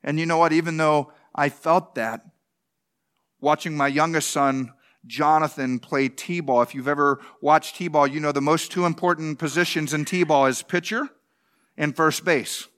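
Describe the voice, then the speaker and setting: Male pastor, 30s, high voice, folksy preaching full of rhetorical questions. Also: fairly even intonation, a little slow, fairly bright tone, smooth. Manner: conversational, repeats "can I tell you", restarts. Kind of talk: sermon.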